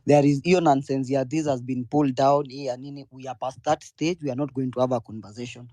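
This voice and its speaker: A man's voice: medium pitch, steady tone, fairly quick, mellow, dry recording. A man with a Kenyan accent giving a blunt, defiant protest speech in an online audio space.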